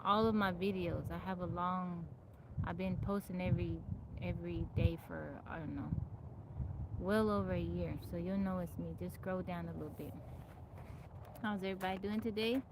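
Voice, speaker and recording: A woman's voice: on the low side, fairly even intonation, moderate pace. Woman, live-stream host, casual chatter, greets viewers by name, background noise. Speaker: livestream host. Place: rural home in the woods.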